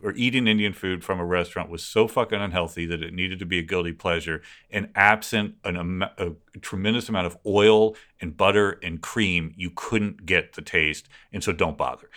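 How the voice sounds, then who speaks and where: A man co-hosting a podcast, chatting casually in a rambling, animated way and swearing freely. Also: low-pitched. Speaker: podcast co-host. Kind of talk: casual chat.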